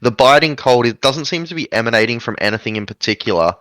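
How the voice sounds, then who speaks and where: A man's voice: mid-range voice, animated, quick pace, fairly bright tone, no room sound. A man narrating a tabletop game as game master, describing scenes with frequent fillers.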